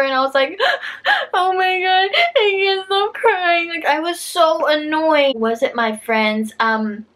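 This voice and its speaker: A woman's voice: high voice, a bit bright. A woman in her twenties telling a casual storytime vlog, chatty, saying "like" a lot and laughing often. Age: 20s.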